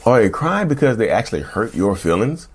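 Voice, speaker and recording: Low-voiced man talking to his viewers. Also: sing-song, brisk, breathy edge. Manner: conversational, repeats himself, addresses viewers as y'all. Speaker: channel host. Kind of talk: casual talk to camera.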